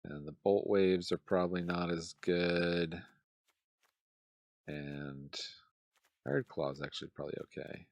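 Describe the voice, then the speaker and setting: Deep gravelly man muttering through gameplay. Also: fairly even intonation, unhurried, long pauses, a little mellow, dry recording. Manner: muttering thoughts aloud while playing. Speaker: gameplay commentator and channel host. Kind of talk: casual gameplay commentary.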